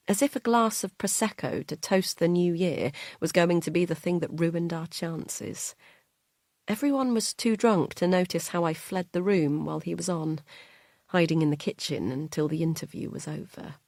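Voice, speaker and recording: A woman reading a first-person thriller audiobook in a quiet, measured way. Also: sits low, dry recording, clean studio sound. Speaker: audiobook narrator.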